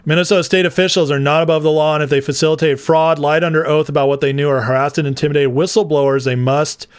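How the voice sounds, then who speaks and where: A man's voice: on the high side, steady tone, fast talker, clean tone, no room sound, studio quality. A man hosting a casual political commentary livestream, chatty and rambling, laughing often as he talks to his viewers.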